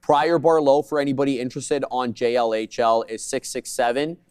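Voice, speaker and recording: Man, live trading co-host, quick market jargon, dry close mic. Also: mid-range voice, a little mellow, smooth, dry recording. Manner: fast jargon-filled trade calls, joking asides. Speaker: day trading show co-host.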